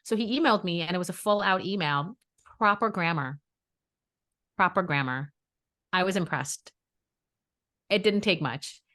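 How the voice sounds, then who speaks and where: A woman, co-hosting a podcast and telling dating stories in a lively, chatty way, acting out quotes. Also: fairly low pitch, normal speed, pauses often. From New York area. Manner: animated storyteller, acts out quotes. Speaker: podcast co-host. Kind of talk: casual chat.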